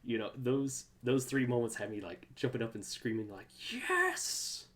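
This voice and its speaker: An excitable podcast host rambles through a casual fan chat, piling up fillers and restarts. The voice sits at a middle pitch. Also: a little fast.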